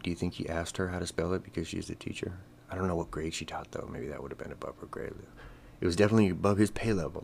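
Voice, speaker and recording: A man's voice: deep voice, gravelly, slight background noise. A man hosting a podcast, talking in a crude, sarcastic, rambling monologue full of swearing. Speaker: podcast host. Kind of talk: casual comedic monologue.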